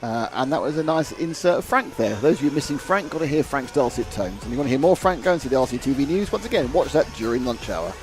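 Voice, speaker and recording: A man's voice: mid-range voice, expressive, quick pace, hardly any pauses, faint music behind. A man commentating a live race, chatting, joking and reading out viewer comments.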